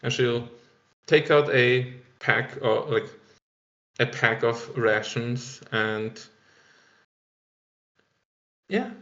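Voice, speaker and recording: A man playing in a tabletop game, relaxed and describing his character's actions. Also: medium pitch, drawn-out words, pauses often, highs cut off. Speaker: player. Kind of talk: casual tabletop game talk.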